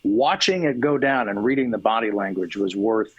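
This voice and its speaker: A man's voice: lowish voice, expressive, moderate pace, breathy edge, no room sound, muffled recording. A man telling crude, swear-filled stories as a guest in a casual podcast chat. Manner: crude storytelling, swears freely. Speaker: guest musician.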